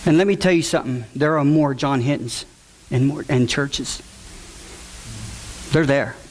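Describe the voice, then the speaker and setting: A man's voice: mid-range voice, unhurried, a little mellow, slight background noise. Earnest man giving a heartfelt testimony. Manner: earnest, repeats words for emphasis. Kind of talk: emotional public testimony.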